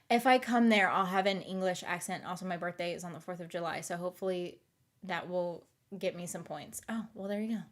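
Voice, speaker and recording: A woman's voice: fairly low pitch, brisk. A woman with a light Southern US accent, chatting casually to camera in a rambling way and often restarting her sentences. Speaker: YouTube host. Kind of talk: casual chat.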